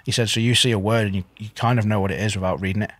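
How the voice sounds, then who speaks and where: A man's voice: on the low side, fairly even intonation, a bit bright, dry recording. A young man, a gym owner guest, telling stories in a casual, rambling way with many restarts. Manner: fast, rambling storyteller with restarts. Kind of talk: casual conversation.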